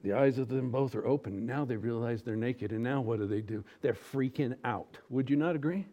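A man preaches an animated sermon full of rhetorical questions, swinging from loud emphasis to soft, slow appeals. His voice is mid-range, and the recording's highs are cut off.

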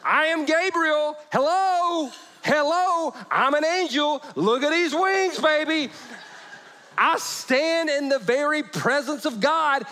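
A man voicing an indignant male angel who yells at an old priest, high and emphatic. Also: slow, full character voice.

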